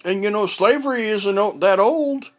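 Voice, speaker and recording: A man telling a casual, rambling story at home, halting often with fillers and restarts. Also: high voice, a bit bright. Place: at home, indoors.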